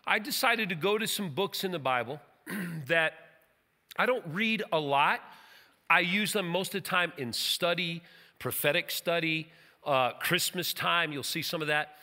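In the large hall of his church sanctuary, a middle-aged pastor delivers a folksy, joking sermon full of emphatic turns. His voice is a little high and bright, his tone forceful, and his pace unhurried.

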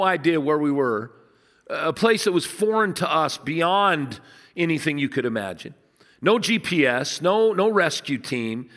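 Male pastor, sermon, conversational storytelling, fairly high voice, long hall reverb. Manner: storytelling, conversational, dips low and soft for emphasis.

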